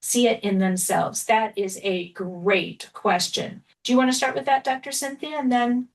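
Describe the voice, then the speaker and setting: A middle-aged woman physician chatting casually on a panel, animated and peppered with "like", speaking on a video call. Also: fairly high pitch, moderate pace, gravelly. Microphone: video call laptop mic. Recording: distant laptop mic on a video call.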